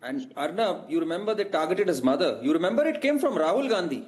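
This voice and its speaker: Very fast, combative male debater. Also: high-pitched, very animated, darkish tone. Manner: rapid, combative, demanding. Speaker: party spokesperson. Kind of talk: heated TV debate.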